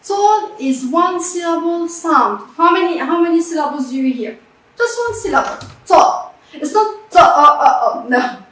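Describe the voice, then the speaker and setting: High-voiced woman English teacher, slow and patient, in an echoey room away from the mic. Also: lively intonation, fairly bright tone, far from the mic. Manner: slow and patient, repeats words and checks with "okay?". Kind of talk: classroom grammar lesson.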